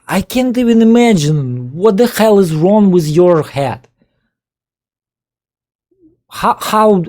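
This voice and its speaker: Slow, dark-voiced exasperated Russian-accented man. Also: high voice. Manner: exasperated rhetorical questioning in broken English. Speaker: political commentator. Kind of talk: reaction commentary on a played video.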